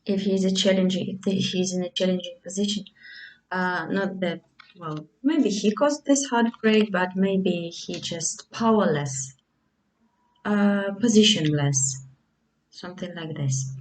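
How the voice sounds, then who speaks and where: Lady doing a tarot reading, slow and hesitant, lowish voice, bit far from the mic. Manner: slow, musing, hesitant with many fillers. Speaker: tarot reader. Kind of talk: casual tarot reading to camera.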